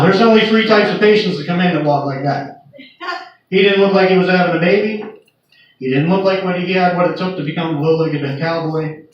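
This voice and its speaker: A man's voice: fairly high pitch, recorded from a distance, highs cut off, slight background noise. A man telling crude stand-up stories about working as a nurse, with a storyteller's build to each punchline. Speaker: stand-up comedian. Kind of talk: stand-up comedy set. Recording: echoey live club recording from afar. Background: audience laughter.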